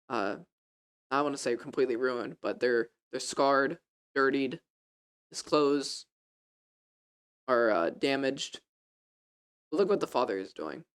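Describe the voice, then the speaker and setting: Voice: mid-range voice, clear, resonant tone. Casual young student preacher. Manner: casual, conversational storytelling with fillers. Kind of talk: classroom sermon.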